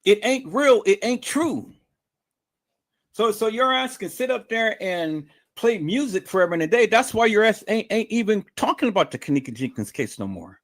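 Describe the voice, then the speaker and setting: Angry ranting man, pitch jumping around. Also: very animated, brisk, few pauses. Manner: angry, profane, repetitive, confrontational. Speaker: livestream host. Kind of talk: heated livestream rant.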